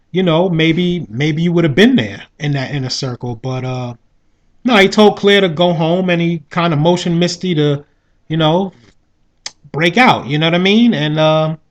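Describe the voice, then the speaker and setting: A man with a fairly high, slightly bright voice gives a casual spoken review of a show. He rambles, frequently asking "you know what I mean."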